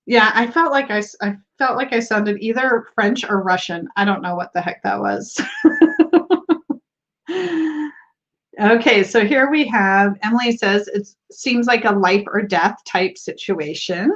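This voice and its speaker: A woman's voice: mid-range voice, lively intonation, unhurried. Bubbly American woman, lo-fi stream. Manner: bubbly, giggly, reads viewer comments aloud. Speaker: tarot livestream host. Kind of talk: casual live-stream chat.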